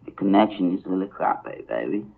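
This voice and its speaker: A man on a voice call, talking slowly and syrupily and calling the listener baby. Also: sits low, sing-song, gravelly, husky. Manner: slow and syrupy, calls everyone baby. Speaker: online scammer on a voice call. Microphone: phone. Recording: tinny, choppy phone line.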